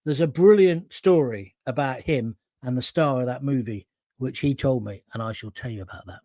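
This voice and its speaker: Reading viewer comments and drifting through stories, the man hosting this live talk show speaks at medium pitch and a moderate pace. His tone is dark, captured on a close mic without any room sound.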